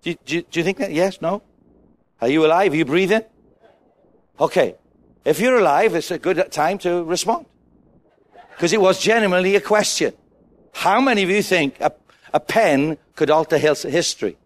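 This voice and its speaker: A man preaching a sermon to a congregation, animated and asking them questions. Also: sits high, normal speed, long pauses. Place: church with a congregation.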